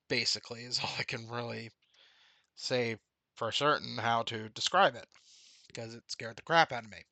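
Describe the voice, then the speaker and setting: Man, bright forceful tone, dry close sound, rambling candid vlogger. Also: mid-range voice, no room sound. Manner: candid and rambling, recounting a dream. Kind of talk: personal video update.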